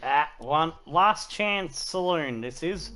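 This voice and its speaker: An Australian man hosting a racing game stream, excitably thinking aloud to his viewers as he drives. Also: a little high, slow, very noisy. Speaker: gaming channel host. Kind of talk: live gameplay commentary. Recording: loud game music behind voice.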